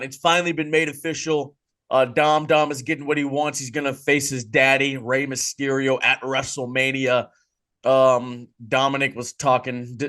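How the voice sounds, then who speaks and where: Excitable male podcast host. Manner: excitable, hypes things up, trails off into a low mutter. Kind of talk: casual chat.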